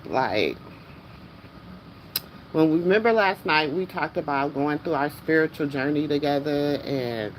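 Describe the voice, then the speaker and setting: Overjoyed woman vlogger, slow and gushing. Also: deep voice, a little hiss or hum, rough recording. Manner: excited, exclamatory, repeats herself. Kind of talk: casual emotional chat to viewers.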